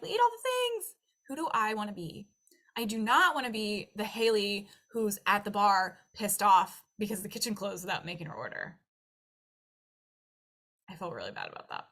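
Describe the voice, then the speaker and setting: A young adult woman coaching on nutrition in a casual, chatty way, her tone bright and clear. She talks animatedly and slips into little acted voices for the thoughts in her head. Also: mid-range voice. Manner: animated, acts out her own inner thoughts in quoted voices. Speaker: nutritionist and weight loss coach.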